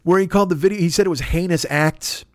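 A man rants in a comedic podcast monologue, exasperated and swearing, tripping over his own restarts. His voice sits a little high for a man. The sound is dry and close, with no room around it. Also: fast, no echo. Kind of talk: profane comedic rant.

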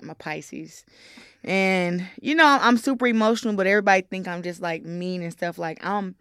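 Young woman guest, lowish smooth voice, halting with fillers, dry close mic. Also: a bit bright, no room sound. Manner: halting, many fillers, candid. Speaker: interview guest. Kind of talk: casual interview talk.

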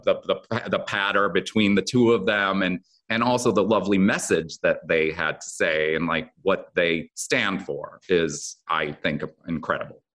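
A man who is head writer for a soap opera talks casually in an interview, rambling with many fillers and restarts. His voice is deep and a bit bright.

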